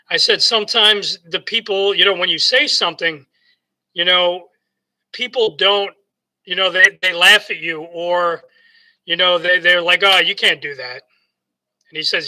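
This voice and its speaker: A man's voice: high voice, normal speed, pushed and bright, low-quality recording. A man from New York with a New York accent, telling a rambling motivational story that keeps restarting and acts out both sides of remembered conversations. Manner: rambling, repeats words and restarts often. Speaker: motivational speaker. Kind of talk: casual storytelling monologue.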